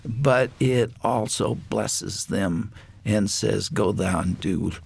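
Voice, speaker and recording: A male radio host telling a family story in an unhurried, reflective way, often pausing with "uh.". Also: lowish voice, gravelly, breathy edge. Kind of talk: storytelling in a studio conversation.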